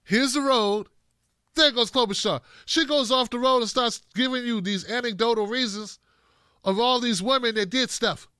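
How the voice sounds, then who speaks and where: A man's voice: extremely high pitch, normal speed, pushed and bright, smooth, dry recording, clean studio sound. A man giving blunt, profane political commentary, speaking straight to his viewers with heavy emphasis.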